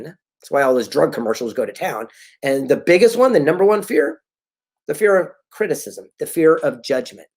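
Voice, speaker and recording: A middle-aged man giving an animated motivational talk, telling stories and acting out quoted dialogue. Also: fairly high pitch. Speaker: motivational speaker.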